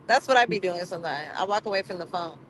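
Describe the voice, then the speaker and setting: A woman's voice: lowish voice, expressive, quick pace, a little hiss or hum, rough recording. A woman co-hosting a casual livestream from a car, teasing and bantering playfully. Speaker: livestream co-host.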